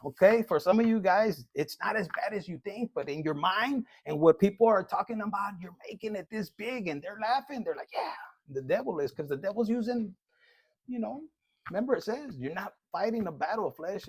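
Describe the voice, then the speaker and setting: Man, tarot reader, casual and profane, joking, Spanish slang, husky voice, dry close sound. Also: high voice, lively intonation, no echo. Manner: reads card messages aloud slowly. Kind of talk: casual collective tarot reading.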